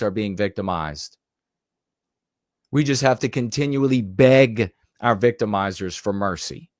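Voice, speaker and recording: Slow indignant male commentator. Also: mid-range voice, no echo, studio quality. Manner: rhetorical, indignant, repeats phrases for emphasis. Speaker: political commentator. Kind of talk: monologue commentary.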